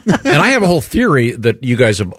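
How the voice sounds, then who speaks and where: A man's voice: medium pitch, wildly swooping pitch, fast talker, a bit bright, slightly rough, dry recording, studio quality. A man hosting a morning radio show, rambling through jokey theories with many fillers. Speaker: host.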